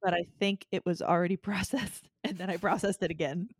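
A woman's voice: fairly low pitch, fairly even intonation, brisk, husky, dry recording, studio quality. A woman co-hosting a casual podcast chat, easygoing and giggly. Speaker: podcast co-host.

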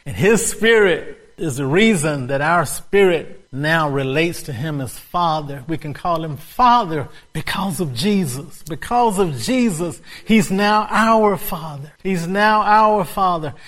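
Slow, emphatic male preacher. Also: fairly high pitch, expressive, a bit bright. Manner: repetitive, emphatic, bursts into laughter. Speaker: pastor. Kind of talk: sermon.

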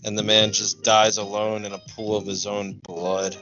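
A man co-hosting a comedy podcast, doing comic bits and deadpan parody trailer narration. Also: fairly low pitch, normal speed. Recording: dull lo-fi recording with faint music.

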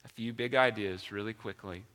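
A man's voice: fairly low pitch, normal speed, a bit bright, big-room sound. A male pastor preaching a sermon in a church, emphatic and asking his congregation questions. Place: church sanctuary.

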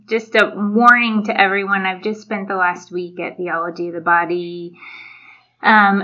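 A woman telling a reflective story in a casual faith conversation, often with soft laughs. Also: medium pitch. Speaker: podcast co-host. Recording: muffled lo-fi audio.

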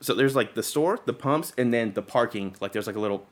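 Fairly quick and mid-range in voice, a young man spins a casual, slang-filled story, swearing freely and acting out the dialogue.

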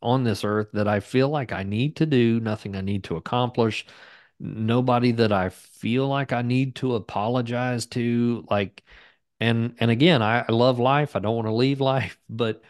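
A man's voice: mid-range voice, steady tone, normal speed, dry recording, studio quality. A man in his forties, a podcast guest, who speaks in an earnest, reflective way with many fillers. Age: 40s. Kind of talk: reflective conversation.

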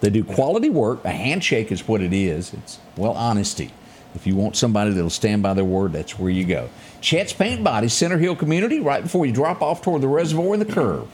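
Man, morning show co-host, animated storyteller, low voice with a wide, lively pitch. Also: a little fast, a little hiss or hum. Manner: animated, sings snippets of lyrics. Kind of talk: casual morning show chat and local headlines.

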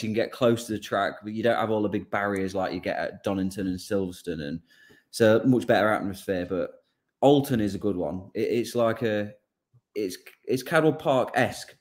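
A relaxed man from Lincolnshire with an English accent, a motorcycle racer chatting casually in an interview. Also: lowish voice. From Lincolnshire, England.

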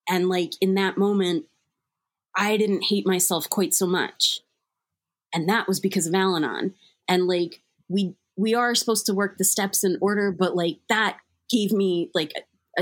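Chatty woman telling a candid personal story. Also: mid-range voice. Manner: chatty, frequent "like" fillers, self-deprecating. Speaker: guest sharing recovery story.

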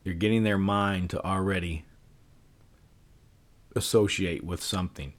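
A man's voice: sits low, a little slow. A man hosting a podcast, explaining ideas in a casual, loose way with lots of fillers and restarts. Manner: relaxed, loose delivery full of fillers and restarts. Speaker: podcast host.

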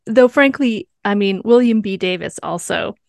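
A woman co-hosting a film review podcast in casual chat, animated and laughing often. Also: mid-range voice, moderate pace, vocal fry, dry recording, studio quality.

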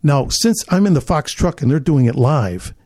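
An older man from Chicago, a podcast guest telling an animated story, acting out other people's lines and laughing as he goes. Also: fairly high pitch, normal speed, husky, no echo, clean studio sound. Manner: acts out other people's lines, repeats himself, laughs as he talks.

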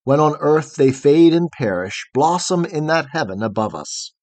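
A man voicing a gentle, wise old grandmother in a storybook poem reading, with a soft, lilting delivery. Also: on the high side, lively intonation, moderate pace, lightly acted.

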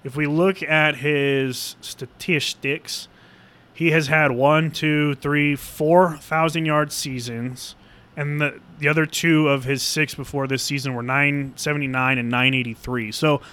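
A young man in casual sports chat, excitable and given to yelling and swearing when he rants. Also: fairly high pitch, a little slow, smooth.

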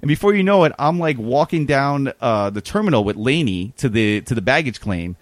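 A man's voice: mid-range voice, normal speed, no echo. A man telling a long rambling anecdote in casual chat, full of fillers and quoted dialogue. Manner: rambling, animated, many fillers. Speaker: guest telling a story. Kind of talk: casual storytelling.

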